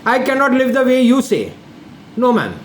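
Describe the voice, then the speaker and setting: A man's voice: very high-pitched, wildly swooping pitch, normal speed. A man in his sixties with an Indian accent, talking straight to a listener in an insistent, repetitive monologue, addressing them formally again and again. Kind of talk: direct-to-camera monologue. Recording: echoey room with faint air-conditioning hum.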